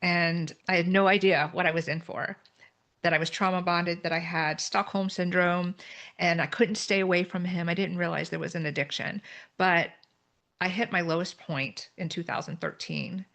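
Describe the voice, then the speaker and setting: Her voice is fairly low and fairly bright, at a normal speed. As a podcast guest, this middle-aged woman earnestly and candidly recounts her own story, clarifying terms through plain examples.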